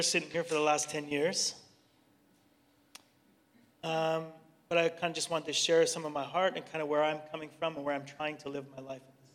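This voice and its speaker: A middle-aged man with a slightly high voice shares a heartfelt testimony and leads a prayer. He talks earnestly and conversationally, often restarting his sentences mid-thought. His words carry a long reverb, as if spoken in a large hall. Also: a bit bright. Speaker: youth organization director and speaker. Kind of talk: personal testimony and leading prayer.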